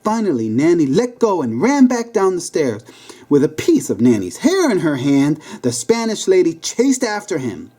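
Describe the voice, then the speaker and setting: A man's voice: on the high side, wildly swooping pitch, normal speed, mellow. A man reading his own memoir aloud as an audiobook narration. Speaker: memoir reader.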